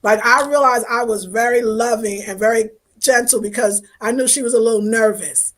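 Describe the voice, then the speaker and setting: A woman's voice: fairly high pitch, steady tone, moderate pace, few pauses, a bit bright. A woman hosting a casual livestream, thanking viewers by name in an effusive, affectionate way, her voice wavering with emotion at times. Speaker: livestream host reading viewer comments.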